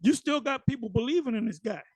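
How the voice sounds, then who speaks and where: A man giving ranting religious commentary on clips, animated and mocking, with many fillers. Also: extremely high pitch, quick pace, breathy edge, no room sound, rough recording.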